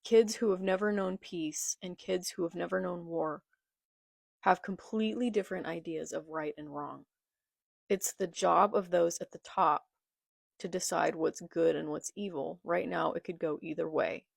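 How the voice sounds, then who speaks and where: A woman's voice: on the low side, steady tone, moderate pace, gravelly, slightly rough, no echo, clean studio sound. A young woman reading comic dialogue aloud in a casual reaction video and commenting on it between the lines. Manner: reads manga dialogue aloud, then comments. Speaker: manga reaction vlogger. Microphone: phone filmed in portrait.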